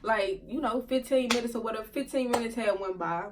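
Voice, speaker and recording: A young woman telling a storytime vlog to her viewers, animated and profane, laughing often. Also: fairly high pitch, fairly quick, recorded from a distance, noisy background. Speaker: vlogger.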